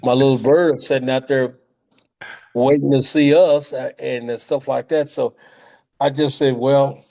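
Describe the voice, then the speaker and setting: Gravelly older man telling stories. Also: medium pitch, measured pace. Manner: animated storyteller, frequent laughs and restarts. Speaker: interview guest, retired pro wrestler. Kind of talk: storytelling interview. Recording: slightly muffled lo-fi audio.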